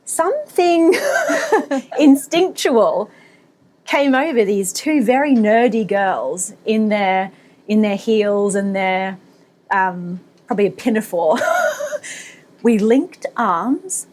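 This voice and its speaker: Taking her time, a podcast co-host in her thirties tells a story in a relaxed, lively way, laughing frequently. She speaks in a mid-range voice.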